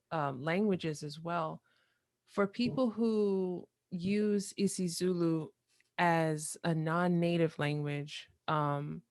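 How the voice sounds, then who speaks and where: A woman's voice: lowish voice, no room sound, clean studio sound. A woman hosting a podcast, asking hesitant, rambling questions with many fillers. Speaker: podcast host. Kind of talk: conversational interview.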